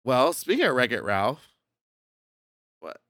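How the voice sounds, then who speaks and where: A man co-hosting a casual podcast, his voice bright and forward, with a lively, swinging pitch. He is playful and jokey, leaning into his stories, and the sound is close and dry. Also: unhurried, dry recording. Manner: playful, jokey, animated storytelling. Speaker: podcast co-host. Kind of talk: casual chat.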